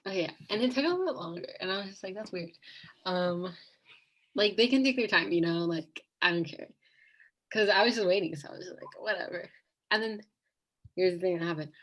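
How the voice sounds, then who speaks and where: Young woman rambling thru a storytime, kinda low voice, says like a lot, giggly. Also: fairly quick, poor audio. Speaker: vlogger. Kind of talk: casual storytime.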